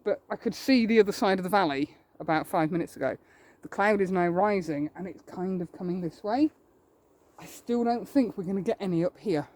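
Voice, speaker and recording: Woman photographer, chatty and self-deprecating, outdoor vlog, mid pitch. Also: brisk, a little mellow. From England. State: a little out of breath while walking. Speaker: landscape photographer. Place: outdoors in woodland.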